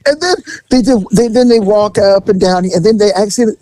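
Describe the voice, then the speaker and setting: A man telling a comic crime story in a rambling, animated way, acting out the people in it. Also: sits high, fairly quick, rough recording. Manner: animated, rambling, acts out every line. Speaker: guest storyteller.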